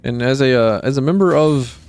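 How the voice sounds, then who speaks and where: A man's voice: medium pitch, fairly quick, a little mellow, faint music behind. A man streaming a video game, giving rambling, sarcastic commentary with frequent restarts. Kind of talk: casual gameplay commentary.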